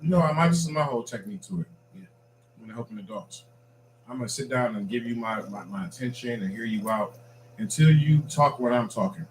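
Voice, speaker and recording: A man's voice: medium pitch, lively intonation, brisk, distant mic. Laid-back joking man in casual chat. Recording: echoey room with faint noise.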